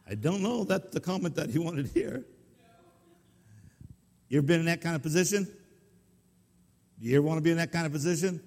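A man's voice: a little high, expressive, a little fast, long pauses, a little mellow. A male pastor telling a story in a sermon, folksy and conversational, often putting questions to his listeners. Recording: long reverb of a hall.

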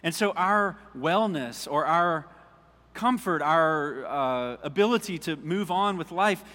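Informal pastor in an echoing church. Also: male voice, fairly high pitch, expressive, slow, pushed and bright. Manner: informal, asks the congregation questions, jokes. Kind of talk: conversational sermon with scripture reading.

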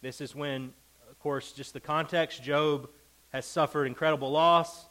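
Guy teaching a bible class, keeps asking "okay? right?", lively when he reads verses. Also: a little high, unhurried, low-quality recording. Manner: animated, reads scripture with emphasis, checks in with "okay?" and "right?".

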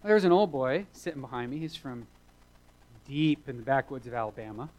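A man's voice: mid-range voice, lively intonation, a little fast, darkish tone, rough recording. Man, middle-aged, pastor, sermon, emphatic, repeats lines for weight, church. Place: church sanctuary.

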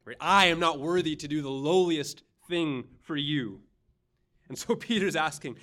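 Male pastor, sermon delivery, earnest and emphatic, voice on the higher side, rhetorical "right?" asides. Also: a bit bright. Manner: earnest, dramatic, with pauses and rising emphasis; frequent "right?" asides to the congregation.

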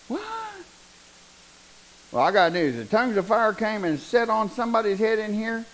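A middle-aged man preaching a sermon, joking and building to loud bursts. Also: high voice, moderate pace, pauses often, low-quality recording. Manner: animated, joking, preaching with rising bursts and laughter.

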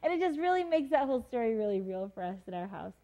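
Mom leading a casual Bible lesson; higher, mellow voice, chatty and animated. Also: female voice, fast talker, poor audio. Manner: chatty, many fillers, laughs often, acts out quotes. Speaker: Bible teacher and mother. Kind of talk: casual devotional Bible teaching.

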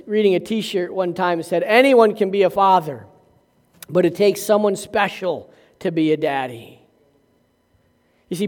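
Older male pastor, high-pitched, emphatic slow preacher in a reverberant hall. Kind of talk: sermon.

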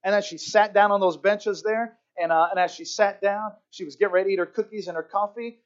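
A middle-aged man preaching a sermon, telling stories with lively acted-out voices. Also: high voice, fast, highs cut off. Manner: storytelling, animated, acts out characters. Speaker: pastor.

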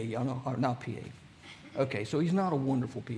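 A man's voice: mid-range voice, fast talker, warm tone, slight background noise. A male pastor preaching a sermon in a folksy, conversational way, asking the congregation questions.

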